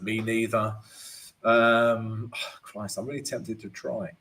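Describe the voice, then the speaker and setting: A man's voice: fairly low pitch, fairly even intonation, takes it slowly, fairly bright tone. A man hosting a live trading lesson, casual and chatty, often checking in with "right?" and addressing viewers as guys. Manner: laughs at his own jokes. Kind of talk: live chart analysis and viewer Q&A.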